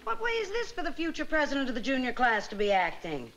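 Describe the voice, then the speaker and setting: An actress playing a teasing, playful aunt in a 1960s sitcom, on an old, hissy TV soundtrack. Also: female voice, high-pitched, wildly swooping pitch, fast, muffled recording, exaggerated voice. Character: teasing, warm-hearted woman, an aunt.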